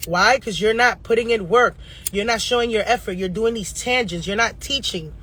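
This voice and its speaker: A woman giving a casual astrology reading who talks bluntly and profanely, going off on fast-ranting tangents. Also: medium pitch, fairly bright tone, slightly rough. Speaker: astrologer and tarot reader.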